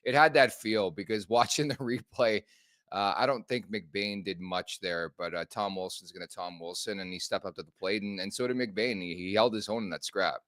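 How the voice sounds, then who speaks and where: A man's voice: lowish voice, moderate pace, fairly bright tone, no room sound, clean studio sound. A Canadian man hosting a casual hockey podcast, running through team news and talking to the live chat. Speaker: podcast host.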